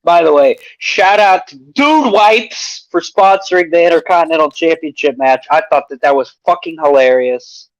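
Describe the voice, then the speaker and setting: Podcast dude swearing and poking fun at everyone, dead dry sound. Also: male voice, a little high, moderate pace, hardly any pauses, dry recording, muffled recording. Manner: crude, mocking banter. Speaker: podcast co-host. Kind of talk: casual chat.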